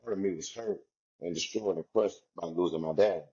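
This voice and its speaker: Deep husky guy talking real candid about his past, lots of you know and like, kinda muffled recording. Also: brisk, mellow. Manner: reflective, loose, full of "you know" and "like". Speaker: former inmate guest. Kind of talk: candid personal storytelling.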